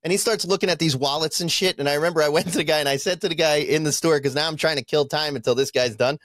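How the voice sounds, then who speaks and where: A man with a New Jersey accent telling profane, animated stories as a podcast co-host. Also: on the high side, fast talker, no echo, clean studio sound. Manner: profane storytelling, animated put-on quotes. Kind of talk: casual chat.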